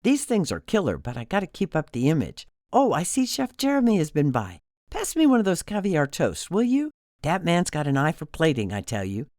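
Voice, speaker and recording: This is an audiobook cruise director, played by a man, a woman with a broad Midwestern twang who chatters on in a bright, raised voice. Her pitch swoops eagerly from line to line, and the read is close and dry, with no room sound. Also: wildly swooping pitch, brisk, few pauses, dry recording. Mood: bubbly. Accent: Midwestern American. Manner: bubbly, nonstop, high-energy chatter. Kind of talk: audiobook character voice.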